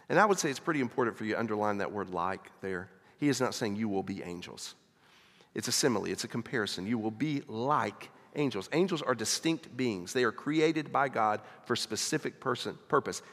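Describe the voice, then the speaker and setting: Animated man preaching in a reverberant hall. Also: medium pitch. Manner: conversational preaching, rhetorical questions. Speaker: pastor. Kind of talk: sermon. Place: church sanctuary. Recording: long reverb of a church hall.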